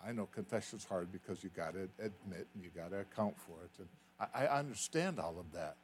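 A man's voice: deep voice, animated, brisk, a little hiss or hum. A man preaching as a guest in a folksy, self-described redneck way, earnest and pleading, often stumbling and repeating words. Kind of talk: sermon with altar call.

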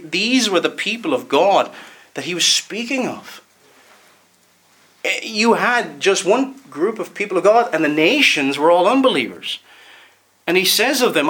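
A man preaching a sermon, emphatic, repeating words and slowing down to stress them. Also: a little high, sharp tone.

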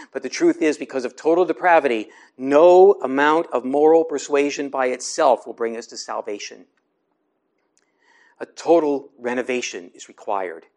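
A man preaching a sermon in a measured, explanatory way, slowing down to stress scripture. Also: medium pitch, a little mellow. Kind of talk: sermon teaching.

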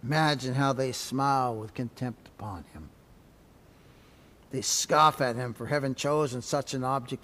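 A pastor preaching a dramatic sermon, swinging between loud exclamations and soft asides. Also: male voice, mid-range voice, unhurried. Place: church sanctuary. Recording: long church reverb.

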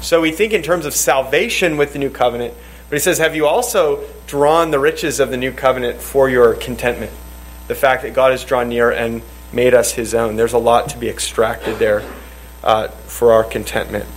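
A man's voice: mid-range voice, normal speed, a little hiss or hum, low-quality recording. A man leading a church Bible study. He teaches in a rambling way, restarts his sentences often and quotes scripture. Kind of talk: teaching and leading group discussion.

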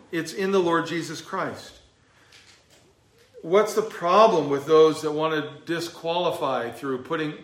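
A man's voice: mid-range voice, a bit bright. A pastor preaching an expository sermon in a conversational way, asking rhetorical questions of his congregation. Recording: echoey room.

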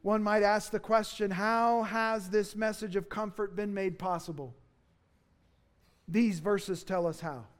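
A pastor delivering a sermon in an earnest, emphatic way, with dramatic rises for key phrases. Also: male voice, sits high, steady tone, measured pace.

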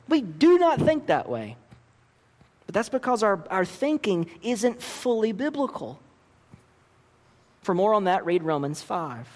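A man's voice: high-pitched, sing-song, a little slow, pauses often, darkish tone. A man preaching a sermon earnestly, with emphatic rises in his voice. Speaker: pastor. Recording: long reverb of a large hall.

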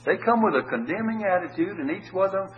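A man's voice: high-pitched, expressive. Folksy man teaching scripture, lo-fi. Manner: reads verses slowly, then paraphrases in plain folksy talk. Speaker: preacher. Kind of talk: Bible teaching, reading and commenting on scripture. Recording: dull lo-fi recording with faint hum.

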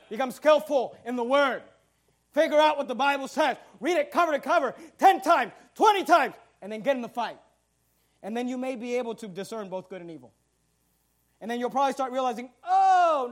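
A man with a strikingly high voice preaches a fiery sermon from the pulpit. He hammers his points through repetition and swings into loud, confrontational bursts. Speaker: pastor.

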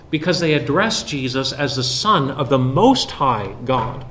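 A man preaching an expository sermon, explaining a Bible passage verse by verse with frequent pauses. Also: on the high side, a bit bright, a little hiss or hum.

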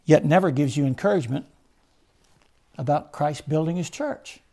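A man delivers a sermon, his voice swelling into loud, fervent proclamation before sinking into low, deliberate emphasis. His tone is gravelly, with a fry at the ends of phrases, and it sits a little higher than usual. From United States. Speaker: preacher.

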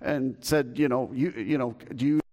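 A man's voice: medium pitch, fairly even intonation, normal speed, mellow. A man in his fifties preaching a sermon as pastor in a church, telling stories in a folksy, joking way with many restarts. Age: 50s. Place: church sanctuary.

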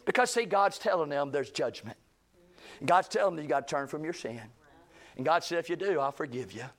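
A man preaching a revival sermon, swinging between loud shouting and hushed low lines. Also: animated, a little fast.

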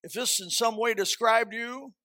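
A man preaching a sermon with fervent, folksy storytelling and repeated phrases, often climbing into high, loud outbursts. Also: moderate pace, no room sound, studio quality.

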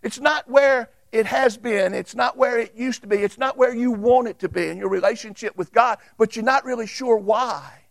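High-pitched preacher, gravelly. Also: male voice, dry recording. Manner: preaching, reading scripture aloud with emphatic pauses. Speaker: Baptist pastor. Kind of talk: sermon.

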